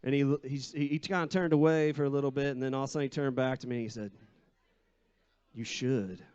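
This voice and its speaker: A man's voice: mid-range voice, fairly even intonation, racing, a little mellow, smooth, dry recording. A singer-songwriter man chatting between songs on a live bar stage, rambling and easygoing with many fillers. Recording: lo-fi live bar stream with music.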